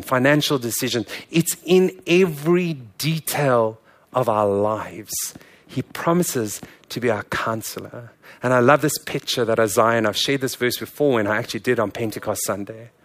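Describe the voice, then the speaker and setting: A man's voice: medium pitch, a bit bright. A male pastor giving a sermon in a candid, conversational, earnest way.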